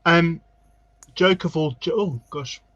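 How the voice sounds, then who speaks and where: A man's voice: on the high side, takes it slowly, fairly bright tone, no room sound, dull audio. A man hosting a casual drag chat show, telling stories at length and acting out what people said, while doing his makeup on a video call. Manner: chatty storyteller, acts out quotes. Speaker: drag queen host.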